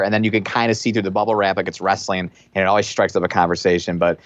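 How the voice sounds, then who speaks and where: A man's voice: deep voice, fairly even intonation, fast, few pauses, a bit bright, no echo, lo-fi sound. A young man, a podcast guest, chatting casually and explaining things in a matter-of-fact way. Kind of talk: casual chat.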